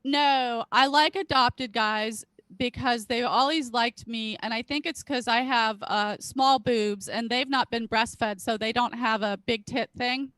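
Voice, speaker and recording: A high-pitched woman in her late thirties working through a bawdy stand-up set, cracking herself up between punchlines. Her voice sits close and dry on the mic with almost no room sound. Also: steady tone, a little slow, few pauses, fairly bright tone, dry recording, rough recording. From Britain. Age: late 30s. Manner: crude self-deprecating jokes, laughing at her own lines. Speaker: stand-up comic. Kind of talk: stand-up comedy set at a virtual charity show.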